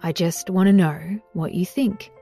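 A woman voicing a deep-voiced domineering man. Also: a little slow, mellow, soft background music. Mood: insistent. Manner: deep, firm, insistent. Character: commanding, domineering young man. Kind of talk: audiobook dialogue.

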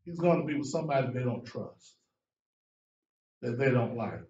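A man preaching a sermon as a guest preacher, with lively delivery that rises to shouts and drops low for emphasis. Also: moderate pace, highs cut off. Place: church sanctuary. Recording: echoey church room from far off.

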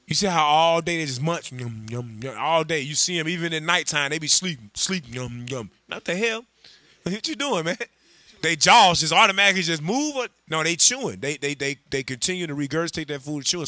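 A man teaching a scripture class, animated and joking, calling on others to read. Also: fairly high pitch, no room sound. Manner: animated, humorous, calls on readers. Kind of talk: sermon.

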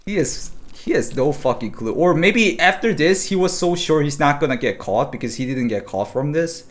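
A man streaming live, commenting casually on gameplay clips, animated and profane, laughing often. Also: on the high side, measured pace. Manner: animated, swearing, frequent laughter. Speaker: streamer investigating cheaters.

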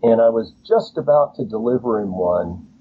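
A man's voice: mid-range voice, expressive, normal speed. A male author talks through his stories with open enthusiasm, slipping into the voices of people he quotes. His voice comes through thin and phone-like, with a faint hiss underneath. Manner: enthusiastic storyteller, acts out quotes. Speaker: author and guest. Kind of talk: casual interview chat. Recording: tinny phone-like line, faint noise.

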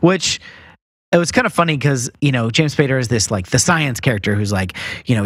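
Animated chatty podcast co-host man. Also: a little high, fast talker, dry recording, clean studio sound. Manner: animated, chatty, lots of fillers. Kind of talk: casual movie-review chat.

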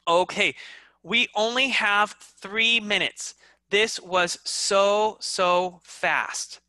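An English teacher giving an online class, animated and demonstrating each point with big swings in pitch and loudness. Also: extremely slow, dry recording.

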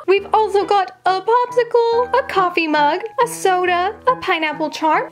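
Very high-voiced bubbly woman unboxing. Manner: bubbly and dramatic, exclaims often. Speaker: toy collector channel host. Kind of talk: casual unboxing chat.

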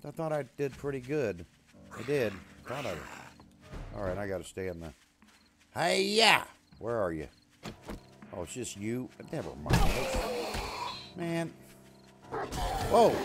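A low-voiced American man chatting his way through a survival game. He rambles casually to his in-game dog and teammates and sometimes breaks into loud yelling. Game music plays clearly behind him. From USA. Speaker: gamer streaming a survival game. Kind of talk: casual gameplay chat.

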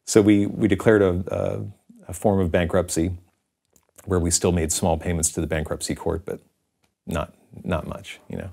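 A middle-aged man, founder of a company, candidly and self-deprecatingly telling his story with halting restarts in an interview. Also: low voice, flat delivery, creaky, warm tone.

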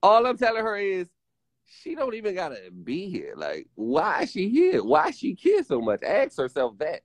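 High, lively man mocking over a phone. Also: normal speed, no echo. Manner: mocking, dismissive, laughs between jabs. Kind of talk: heated argument on a livestream.

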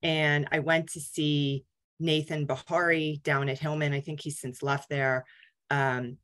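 A woman's voice: sits low, flat delivery, unhurried, a bit bright. A woman in her forties giving a candid, conversational talk as a guest speaker, with many fillers. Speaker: guest speaker, cancer survivor. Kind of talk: personal story talk.

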